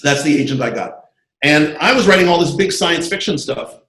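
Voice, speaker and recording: Animated storytelling man in a roomy space. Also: a little high, moderate pace. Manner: animated, digressive, full of asides. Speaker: interview guest, screenwriter and comic artist. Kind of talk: casual anecdotal storytelling.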